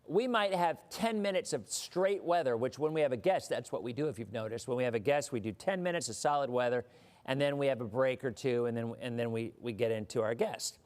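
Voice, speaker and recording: A man's voice: mid-range voice, expressive, brisk, darkish tone. A man hosting a weather livestream, chatting casually in a rambling way with mock-indignant asides.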